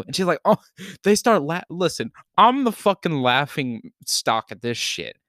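A young man telling a story in casual chat, profane and animated, shouting when he retells what was said. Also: mid-range voice, normal speed, no echo, clean studio sound.

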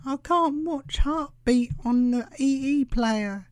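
Whiny high-pitched mum fretting, a guy putting her on, dry close sound. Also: takes it slowly, no echo. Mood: fretful. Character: fussy older mother, phone-dependent.

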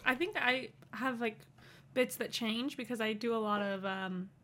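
Young female podcast co-host, higher pitch, bright voice, easygoing and giggly. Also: moderate pace. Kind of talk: casual chat.

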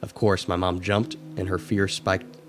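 A man co-hosting a podcast, reading a spooky story aloud in a steady, measured way. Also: deep voice, soft background music. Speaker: podcast co-host.

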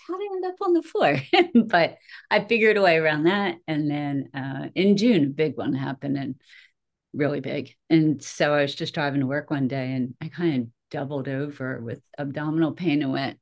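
A woman in her fifties, a guest on a podcast, telling her story in a lively, chatty way with frequent laughs. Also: low voice. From Philadelphia area. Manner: animated storyteller, laughs often, acts out her own quotes. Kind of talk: casual conversational interview.

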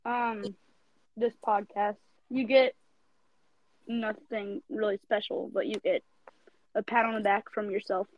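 A woman's voice: mid-range voice, level tone, a little slow, pauses often. A woman co-hosting a casual faith podcast, interjecting and joking. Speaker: podcast co-host. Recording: dull lo-fi sound.

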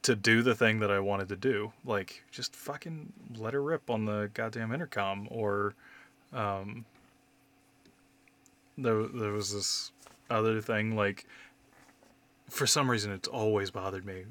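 A man in his thirties telling candid stories in relaxed podcast talk. His voice sits on the lower side but sounds bright and forward. He swears casually and talks with animated energy. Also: measured pace, long pauses. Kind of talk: casual conversation.

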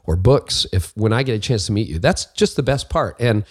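A man's voice: lowish voice, animated, brisk. A man hosting his leadership podcast, talking in a chatty, self-deprecating and upbeat way. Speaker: podcast host. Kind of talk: casual podcast monologue.

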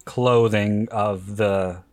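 A man's voice: fairly low pitch, fairly even intonation, very slow, no room sound, soft background music. A man hosting a podcast, telling stories in a casual chat and laughing often as he goes. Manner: chatty storyteller, laughs often. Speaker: podcast host.

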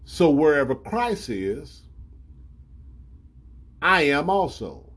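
Male preacher, higher voice, very animated, colloquial, emphatic delivery. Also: slow, husky. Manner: colloquial and emphatic, acting out scripture. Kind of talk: sermon.

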